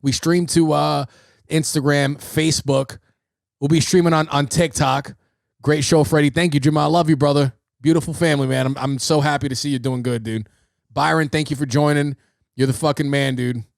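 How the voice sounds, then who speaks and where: A man's voice: on the high side, normal speed, gravelly, no room sound, clean studio sound. A young man hosting his own livestream podcast, talking casually and swearing freely as he tells stories. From New York City. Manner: animated storyteller, swearing freely. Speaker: podcast host.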